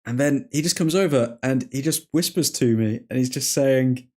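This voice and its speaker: A man's voice: mid-range voice, normal speed, darkish tone. A man with an English accent casually hosting a football watchalong, chatting and reacting to viewer comments. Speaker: livestream host.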